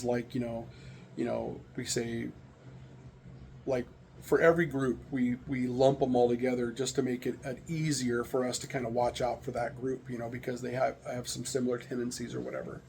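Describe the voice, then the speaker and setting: A middle-aged American man talks in a loose, rambling way, full of fillers and restarts. His voice has a gravelly texture, with a faint hiss of noise behind it. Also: mid-range voice, dark tone. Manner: rambling, candid storytelling with frequent fillers. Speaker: vlogger sharing opinions. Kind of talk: casual monologue.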